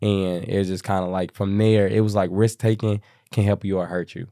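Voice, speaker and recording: A young man from Kansas City, a guest telling profane, animated stories and acting out the people in them. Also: sits low, fairly quick, no room sound, studio quality. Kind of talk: casual storytelling.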